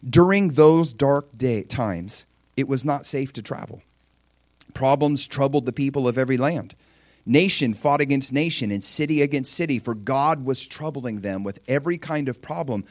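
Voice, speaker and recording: A middle-aged man preaching a sermon, animated, jumping into excited voices as he acts out scripture. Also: dry recording, clean studio sound. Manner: animated, acts out excited voices of God with big pitch jumps. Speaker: pastor.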